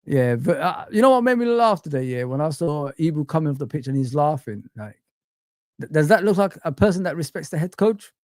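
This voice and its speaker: A man's voice: a little high, expressive, brisk, no echo. Exasperated man ranting close to the mic. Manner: exasperated, repetitive, swearing. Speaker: fan channel livestream host. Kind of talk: casual livestream rant.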